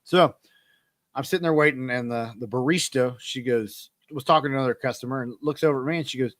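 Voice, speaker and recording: Male podcast host, 30s, bright and punchy tone, self-deprecating storyteller, dry close mic. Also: mid-range voice, dry recording. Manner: rambling, self-deprecating, animated retelling. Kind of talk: casual storytelling monologue.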